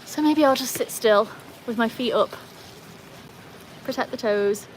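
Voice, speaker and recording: A woman from Wales chatting casually with livestream viewers outdoors by a pool, breaking off to scold and cheer her dogs in a high sing-song voice. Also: measured pace, a little hiss or hum. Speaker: livestream host.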